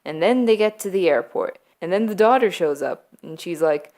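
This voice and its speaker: Deadpan rambling young woman. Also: fairly low pitch, moderate pace. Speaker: youtuber. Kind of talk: comic movie recap from memory.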